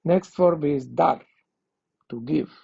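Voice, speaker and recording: A man's voice: a little high, slow pace, gravelly, warm tone, slightly rough, dry recording. A man teaching a language lesson, explaining grammar patiently and checking understanding with frequent questions. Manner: patient, repeats and checks with "okay?". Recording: dull lo-fi dry recording.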